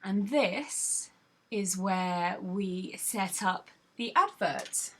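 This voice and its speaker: Woman, team trainer, casual walkthrough tutorial, friendly explaining tone, ordinary middle pitch. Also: lively intonation, drawn-out words, slightly rough. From United Kingdom. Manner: chatty, instructive, stops to think with "um". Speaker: sales team leader. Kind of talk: screen-recorded tutorial.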